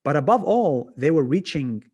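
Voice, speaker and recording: A young man from Israel, a native Arabic speaker, talking in a casual video-call interview, animated, laughing and swearing as he talks. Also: on the high side, moderate pace, breathy edge. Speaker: interview guest, video creator.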